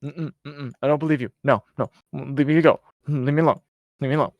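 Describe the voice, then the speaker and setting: A man voicing a frightened distraught man, raised pitch, panicky repeating, dry sound. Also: steady tone, fairly quick, no room sound, dull audio, natural voice. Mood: panicked denial.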